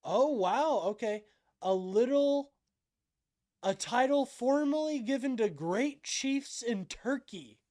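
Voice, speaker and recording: A man's voice: very high voice, lively intonation, takes it slowly, darkish tone. A man hosting a live stream, reacting to a clip with incredulous, mocking remarks and thinking aloud. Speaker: livestream host.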